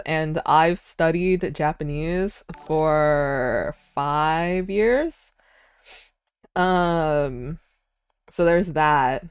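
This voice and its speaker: A woman's voice: sits low, smooth, no room sound, clean studio sound. A young woman with an American accent, a first-language Vietnamese speaker, chatting casually as a streamer with viewers, giggly and full of filler words. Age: young adult. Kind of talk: casual chat, answering viewer chat.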